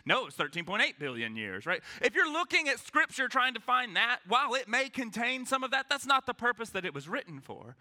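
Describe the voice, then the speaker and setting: A male pastor preaches from a church stage with a high, very bright voice that swoops all over the place. He jokes with the room and acts out quick voices to make his points. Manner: animated, joking, acts out voices. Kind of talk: sermon. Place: church sanctuary with congregation.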